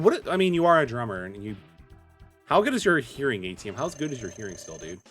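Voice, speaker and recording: Streaming a game live, a man with a medium-pitched, fairly bright voice talks fast and very animatedly. He chats casually with viewers by name while playing, his speech loose, full of fillers and restarts, over faint game music.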